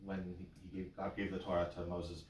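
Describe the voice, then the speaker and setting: A man's voice: low voice, little pitch movement, moderate pace, darkish tone. A man working as a cantor, teaching a small class with playful memory tricks and short sung examples. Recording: roomy and from far off.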